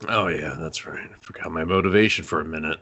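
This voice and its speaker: A man's voice: a bass voice, fast, bright, forceful tone. A man co-hosting a casual movie review podcast, sarcastic and swearing as he mimics the characters. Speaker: podcast co-host.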